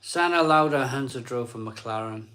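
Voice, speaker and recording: A man's voice: medium pitch, normal speed, pushed and bright. A man hosting a casual live stream, reading out viewer comments and answering them in an offhand, chatty way.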